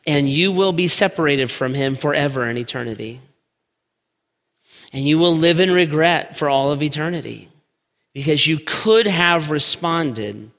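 A man preaching in a church sanctuary. His voice is bright and a little high, and he slows down to land his key points. Long reverb from the hall trails behind his words. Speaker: pastor. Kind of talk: sermon.

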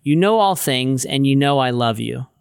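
A man's voice: medium pitch, expressive, normal speed, creaky, clear, resonant tone, no room sound, studio quality. A man voicing Peter, an impulsive, devoted fisherman, in blunt, casual modern talk. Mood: heartfelt.

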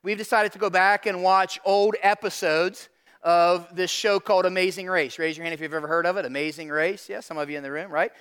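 A middle-aged man with a high voice preaches a sermon. He tells stories in an animated way and talks straight to the congregation in front of him. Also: brisk, smooth. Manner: animated storytelling, addresses audience directly. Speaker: pastor.

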